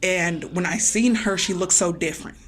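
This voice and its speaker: A woman podcast host talking through grief in a conversation, halting and pausing to hold back tears. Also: lowish voice.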